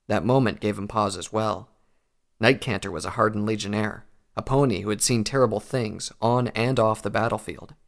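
A man narrating a fantasy story in a steady, measured audiobook reading. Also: fairly low pitch, vocal fry. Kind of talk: audiobook reading of fan fiction.

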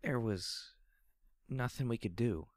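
A man voicing a fragile young female pegasus soldier, speaking in a soft, buzzing drawl that turns shaky and halting. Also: mid-range voice, no echo, pitched above the performer's own voice, natural voice. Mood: soft, subdued. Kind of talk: audiobook character reading.

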